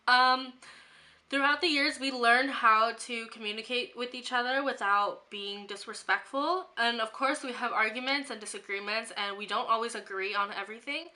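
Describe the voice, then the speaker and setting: Young woman, vlogger, sore throat, chatty and rambling, bright, slightly high voice. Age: young adult. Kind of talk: casual chat to camera.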